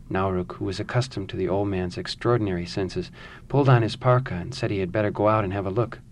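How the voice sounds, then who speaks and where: Man, author, measured reading, low voice, faint hiss behind. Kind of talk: reading his own novel aloud.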